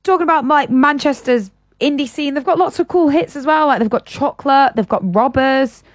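High-voiced young woman radio co-host. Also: fairly quick, no echo. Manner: rambling, lots of "like" and "I feel like". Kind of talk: casual radio chat.

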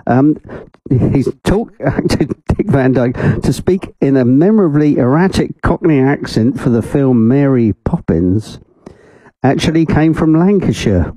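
A man's voice: mid-range voice, expressive, measured pace, mellow, slightly rough, no room sound, poor audio. A man hosting a radio show, chatting casually and rambling between records, amused by his own asides. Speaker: radio host.

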